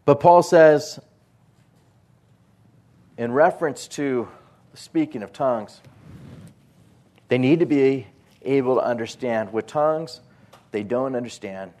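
Animated storytelling male preacher. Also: medium pitch, slow pace, long pauses. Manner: animated, self-mocking anecdotes with voiced impressions. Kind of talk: storytelling sermon.

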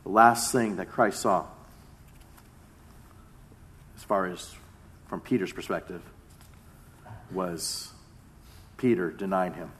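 Dramatic low-voiced male preacher. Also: measured pace, long pauses, slight background noise. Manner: dramatic retelling, swinging between loud emphasis and hushed tones. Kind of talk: sermon.

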